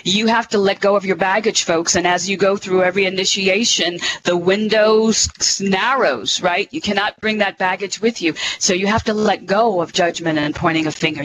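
Earnest woman, slow spiritual talk. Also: medium pitch, noisy background. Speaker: spiritual guest.

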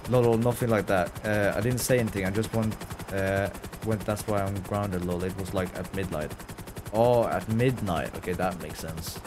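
A man's voice: fairly low pitch, moderate pace. A young man chatting casually on a live game stream, reading chat, laughing and swearing as he reacts. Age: young adult. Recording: game gunfire and vehicle noise behind.

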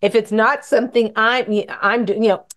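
A woman's voice: a little high, steady tone, normal speed, a bit bright. A middle-aged woman hosting a talk show, giving casual, rambling marriage advice and acting out little dialogues. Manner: chatty, rambling, acts out dialogue. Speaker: host answering questions.

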